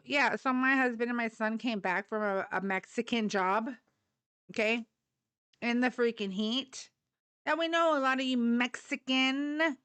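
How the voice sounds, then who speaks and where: A middle-aged woman holding forth on her live stream, blunt and salty with her language, all fired up. Her voice sits a little higher than most women's. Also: sharp tone, clear, resonant tone. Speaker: livestream host. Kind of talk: live political talk stream.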